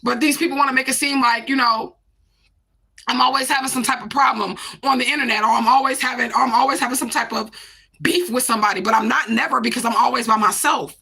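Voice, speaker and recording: A woman's voice: fairly high pitch, steady tone, quick pace, gravelly, sharp tone, husky. A young adult woman giving a raw, repetitive livestream monologue to her viewers, swearing often. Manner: addresses viewers directly.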